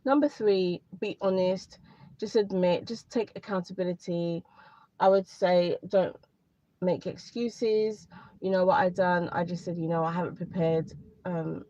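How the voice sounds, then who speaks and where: Woman on a livestream, kinda low voice, rambly and candid, dry dull lo-fi mic. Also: unhurried, mellow, no room sound. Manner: candid, rambling, repeats herself. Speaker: career advice livestreamer. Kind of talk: casual live chat to viewers. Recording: dry, slightly dull lo-fi sound.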